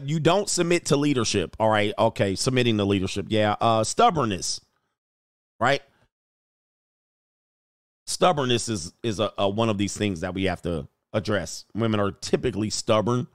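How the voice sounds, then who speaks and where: A man's voice: fairly low pitch, no echo, clean studio sound. Joking, laughing man. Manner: joking, laughing often, slangy and profane. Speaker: dating coach streamer. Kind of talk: casual livestream commentary.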